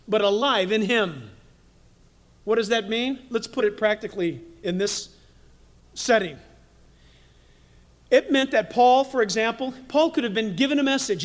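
A man preaching a sermon as pastor, telling stories animatedly with humorous asides. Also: very high voice.

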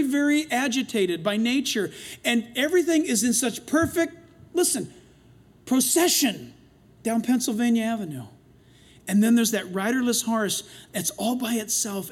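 Older preacher guy, voice way up high, gets animated and does voices. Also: moderate pace. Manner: animated, acts out voices in retellings. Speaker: pastor. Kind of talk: sermon.

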